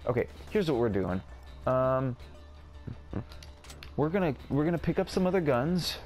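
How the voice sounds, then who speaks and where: A man's voice: mid-range voice, sing-song, normal speed, darkish tone. A man giving casual gameplay commentary, rambling and mocking himself as he plays. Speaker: gaming video creator. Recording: game music underneath.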